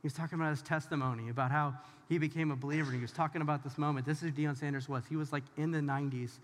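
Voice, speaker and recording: High-voiced male pastor in a reverberant hall. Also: fairly even intonation, rapid-fire. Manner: talks straight to the audience, informal and emphatic. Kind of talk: conversational sermon.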